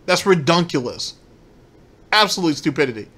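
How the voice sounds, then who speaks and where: Ranting man commentator, fairly high voice. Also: sing-song, moderate pace, bright, forceful tone. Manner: ranting, profane, incredulous. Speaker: commentary host. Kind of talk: reacting to stream clips.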